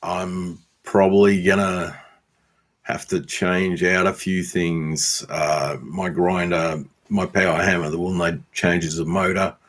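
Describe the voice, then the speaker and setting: A man's voice: low-pitched, little pitch movement. A man with an Australian accent chatting casually to his viewers, answering comments with lots of ums and some friendly teasing. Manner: unhurried, frequent ums, teasing viewers by name. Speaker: YouTube homesteader and blacksmith answering viewer comments. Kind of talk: casual livestream chat.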